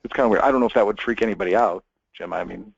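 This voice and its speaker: A man's voice: lowish voice, very fast, gravelly, husky, no room sound, highs cut off. A man giving a conversational technical webinar presentation, chatty, with many fillers and restarts.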